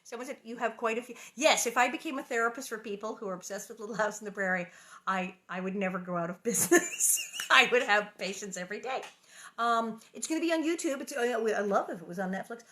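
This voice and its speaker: A woman's voice: on the high side, quick pace, sharp tone. A woman hosting a book reading, chatting casually and rambling between chapters, with frequent jokes and laughter. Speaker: host reading a children's book aloud.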